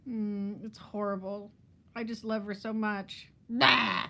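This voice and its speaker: Speaking slowly in a medium-pitched, gravelly voice that's pushed and bright with fairly even intonation, a woman in her fifties hosts a casual live-stream chat. She laughs often and greets viewers by name.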